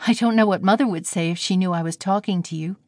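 A woman's voice: medium pitch, normal speed, a little mellow, no echo, studio quality, close to an everyday voice. A woman reading the part of a shy, timid young girl who speaks earnestly and anxiously.

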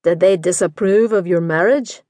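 A woman voicing a skeptical male Scottish detective chief with a blunt, measured, dismissive manner in an audiobook. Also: on the low side, mellow, no echo, studio quality, natural voice. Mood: probing.

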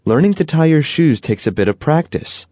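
Man doing a gentle storybook mom, raised and patient. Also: a little high, lively intonation, moderate pace, dry recording, voice pushed up, close to an everyday voice. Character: caring mother of a young boy.

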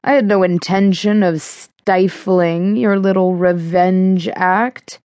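A woman's voice: on the low side, steady tone, takes it slowly, a little mellow, dry recording, clean studio sound. A woman doing a smug, taunting man. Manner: offhand and mocking.

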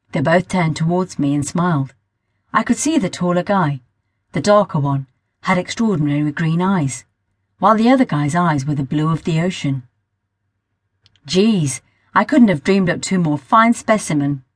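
A woman narrating a first-person story as an audiobook, at a measured pace, now and then rereading a line. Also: low voice, a little mellow, breathy edge, no room sound, clean studio sound.

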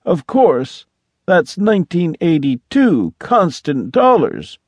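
A man voicing a polite, cheerful blue-skinned alien gentleman in an audiobook, speaking with mild, precise courtesy. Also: on the high side, wildly swooping pitch, slow, breathy edge, no room sound, pitched above the performer's own voice, heavily acted. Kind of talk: audiobook character voice.

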